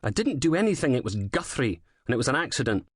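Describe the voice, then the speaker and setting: A man's voice: medium pitch, big pitch swings, fast talker, slightly rough, no room sound, clean studio sound, pitched above the performer's own voice. A male reader voicing a tough detective sergeant who speaks in a firm, commanding way. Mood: tense.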